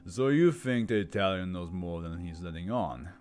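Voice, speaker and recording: A man voicing a persistent male police interrogator, asking measured, probing questions. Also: deep voice, animated, a little mellow, smooth, soft background music, voice pushed down.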